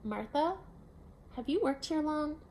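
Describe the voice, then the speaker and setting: Woman doing a lonely little girl voice for a storybook, high and pleading, bit gravelly. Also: animated, a little slow, darkish tone, slight background noise. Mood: curious. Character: young girl, lonely and sulky.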